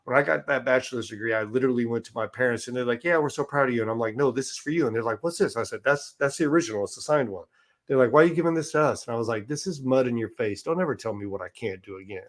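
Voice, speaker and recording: This man is a podcast guest with a mid-pitched voice. He tells his story in a relaxed, conversational way and voices the people he quotes. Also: racing. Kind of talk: casual storytelling.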